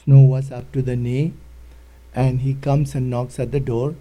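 A man's voice: medium pitch, flat delivery, a little slow, dark tone. A male pastor preaching a sermon, telling healing stories and acting out the dialogue. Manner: retells stories with acted-out dialogue.

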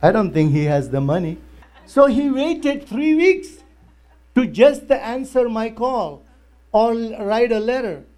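A male pastor preaching a sermon in non-native English, telling stories with lively, broken phrasing. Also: extremely high pitch, a little slow. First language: not English. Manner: animated storytelling with broken grammar.

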